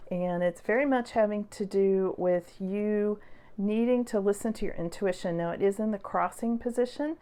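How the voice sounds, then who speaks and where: A woman giving a casual tarot reading to her viewers, chatty and encouraging, with many fillers and soft laughs. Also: mid-range voice. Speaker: tarot reader.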